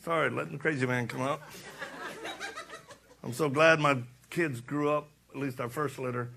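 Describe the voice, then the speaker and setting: A man's voice: medium pitch, steady tone, normal speed, vocal fry. A middle-aged man preaching a passionate sermon, repeating lines for emphasis and acting out stories with laughter. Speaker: speaker and preacher. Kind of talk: impassioned sermon with storytelling.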